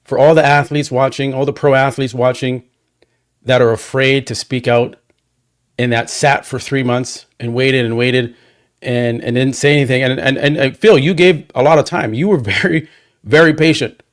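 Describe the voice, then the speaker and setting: Man, podcast host, casual chat, animated, repeats words, encouraging. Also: mid-range voice, moderate pace. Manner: animated, repetitive restarts, supportive.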